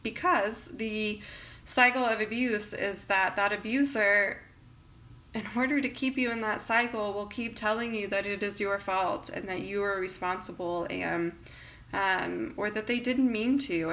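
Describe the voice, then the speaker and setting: A woman talking earnestly and reflectively in a personal vlog, with many pauses and fillers. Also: mid-range voice, steady tone, sharp tone. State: emotional near the end. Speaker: vlogger.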